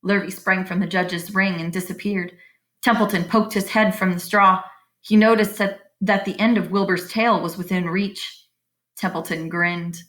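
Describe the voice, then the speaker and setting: A woman reads a children's chapter book aloud with lively expression. Now and then she stops to explain the story to young listeners in a teacher-like way. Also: medium pitch, moderate pace.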